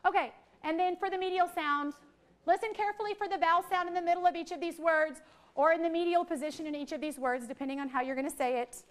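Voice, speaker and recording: A high-voiced woman runs a live workshop for teachers. She keeps it playful and jokes with the crowd in front of her. She also stretches out single speech sounds to demonstrate them. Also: steady tone, fast. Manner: playful, joking with the audience, drawing out sounds. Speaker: literacy trainer presenting to teachers. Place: training room with a live audience.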